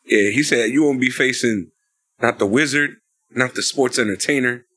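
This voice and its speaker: A man co-hosting a casual wrestling podcast, animated, slangy and profane, laughing a lot as he reacts. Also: mid-range voice, normal speed, slightly rough. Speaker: podcast co-host. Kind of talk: casual wrestling recap chat.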